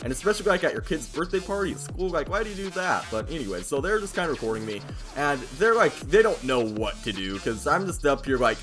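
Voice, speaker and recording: A young American man telling a story-time vlog, loud and hyped, often yelling into a close microphone. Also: a little high, very animated, fast, faint music behind. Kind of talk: casual storytelling.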